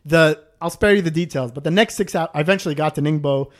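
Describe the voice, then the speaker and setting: A man in casual podcast chat, telling a travel story with lots of acted-out moments and laughter. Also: quick pace. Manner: animated, acts out scenes with rising pitch, laughs often.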